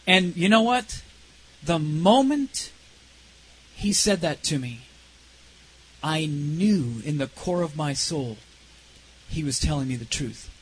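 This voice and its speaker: A man telling an emotional personal testimony in an earnest, halting way, his voice dropping low and soft at the most intense moments. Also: animated, a little hiss or hum, low-quality recording. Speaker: speaker sharing a personal testimony.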